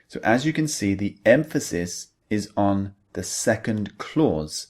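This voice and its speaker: Slow, low-voiced male English teacher. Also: animated, darkish tone. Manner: slow, clear explaining. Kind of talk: scripted grammar lesson.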